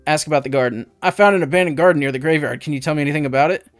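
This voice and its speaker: A man's voice: on the high side, racing, dry recording, soft background music, close to an everyday voice. A man voicing a lost, polite young male newcomer in a game, asking earnest questions.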